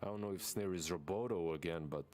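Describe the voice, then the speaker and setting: A man's voice: low voice, fast, darkish tone. A man co-streaming an esports match, talking through the draft in a loose, rambling way with many fillers. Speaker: co-streamer caster. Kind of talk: casual esports draft analysis.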